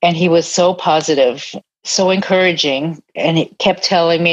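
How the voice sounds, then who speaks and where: On a dull, lo-fi recording, an older retired army nurse recounts her life in an interview at normal speed. Her voice is on the low side, and her manner is earnest and thoughtful, broken by gentle laughs.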